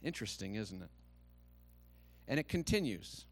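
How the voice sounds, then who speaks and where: A man pastor preaching a sermon. He swings from hushed asides to loud, shouted declarations and asks many rhetorical questions. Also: fairly low pitch, sing-song, normal speed, gravelly.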